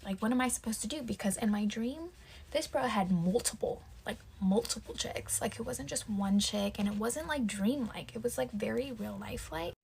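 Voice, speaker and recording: A woman's voice: on the high side, moderate pace, creaky, darkish tone, slightly rough. A young woman telling a casual story time, dramatic and mock-serious. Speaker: vlogger.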